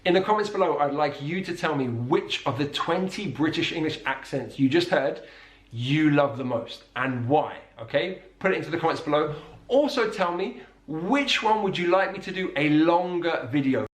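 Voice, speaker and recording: A man teaching a lesson online, explaining things carefully and slowing down to model each sound. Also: a little high, animated. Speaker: accent teacher. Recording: roomy echo.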